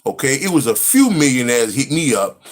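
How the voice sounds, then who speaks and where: A man's voice: medium pitch, big pitch swings, normal speed. A man reading a spiritual text aloud and preaching on it, emphatic, repetitive and profane. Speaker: spiritual teacher.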